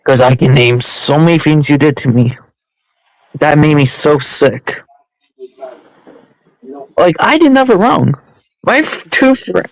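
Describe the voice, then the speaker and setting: A man's voice: on the high side, no echo, low-quality recording. A man streamer ranting heatedly on his livestream, repeating himself and restarting sentences.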